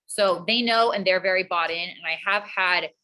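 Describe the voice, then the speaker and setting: Woman, teacher guest, calm and earnest, bright low voice. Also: normal speed, rough recording. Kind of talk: casual interview answer.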